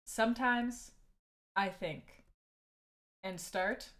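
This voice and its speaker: A woman reading the lines of a deadpan young woman in a video game, slow and flat. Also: mid-range voice.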